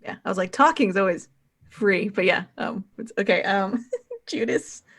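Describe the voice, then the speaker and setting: A woman's voice: medium pitch, moderate pace, slightly rough. Woman game master, mid voice, loose and rambling. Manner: rambling, fillers, giggly. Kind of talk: narrating a tabletop game.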